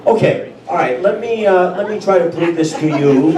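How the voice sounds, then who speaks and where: A man's voice: high-pitched, moderate pace. An older man performing a crude stand-up routine in a drawling, chuckling way. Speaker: stand-up comic. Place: small club with a live crowd. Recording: echoey room, mic far off, loud crowd.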